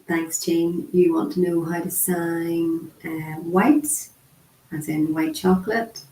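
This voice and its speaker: A woman voicing a casual online sign language lesson, chatty and unhurried, with frequent ums. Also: fairly low pitch, steady tone, warm tone, a little hiss or hum. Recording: echoey room.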